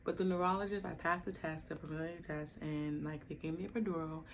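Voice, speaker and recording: Low-voiced young woman telling her story. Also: quick pace, a little hiss or hum. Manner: animated, slangy, addresses viewers as y'all. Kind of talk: casual storytelling to camera.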